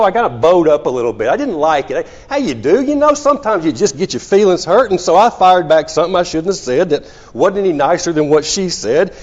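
A man's voice: high-pitched, darkish tone. A man preaching a sermon in a conversational storytelling way, often restarting his sentences. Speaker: pastor. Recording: muffled sound in a reverberant hall.

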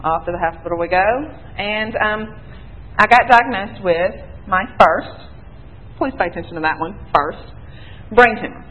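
A woman's voice: medium pitch, unhurried. A woman in her thirties with a Southern American accent gives her personal testimony to a church crowd. She talks in a chatty, joking way and pokes fun at herself. The sound is thin and tinny, as if it came down a phone line. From Alabama, US. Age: 30s. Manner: chatty, joking, self-mocking storyteller. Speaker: missionary nurse speaking to a church.

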